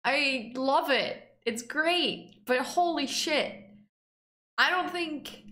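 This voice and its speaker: A woman's voice: sits high, takes it slowly, bright, forceful tone, echoey room. A young woman streamer reacting on a casual stream, emotional, teary and swearing freely.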